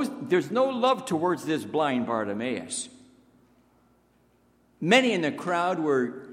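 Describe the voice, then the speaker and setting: Male pastor, sermon, fairly high voice with wide swinging pitch, emphatic delivery, echoing church hall. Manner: emphatic, swinging from raised exclamations to hushed low asides. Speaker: preacher. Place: church sanctuary.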